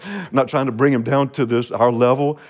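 A man's voice: medium pitch, fairly quick. A man preaching a sermon as pastor, earnest and repetitive, chuckling between phrases and building in intensity.

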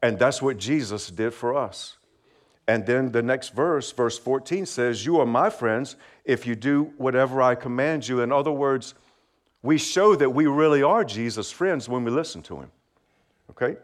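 A man's voice: mid-range voice, moderate pace. A man preaching a simple sermon, friendly and encouraging, asking the congregation to repeat words back and laughing lightly between points. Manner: friendly, asks for call-and-response, laughs often. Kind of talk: children's sermon.

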